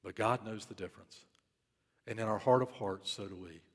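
Emphatic preacher in an echoing church. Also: male voice, fairly low pitch, brisk. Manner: urgent, emphatic, repeats key phrases. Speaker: pastor. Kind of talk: sermon with storytelling.

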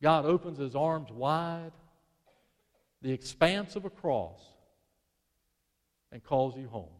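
A male preacher telling a sermon story dramatically, swelling to intensity and then dropping to a hush. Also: medium pitch, takes it slowly, pauses often. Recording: long reverb of a large hall.

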